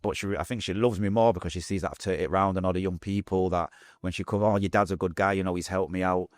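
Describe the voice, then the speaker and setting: With a low voice and a Manchester accent, a man in his forties narrates his life story candidly as a podcast guest. He tells it fast and animatedly, acting out the voices he quotes, in a dry, studio-quality recording.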